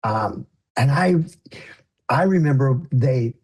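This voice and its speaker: A man guesting on an interview show, telling a story in an earnest, conversational way with soft laughs. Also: mid-range voice, animated, slow, slightly rough. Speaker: guest, illusionist and educator.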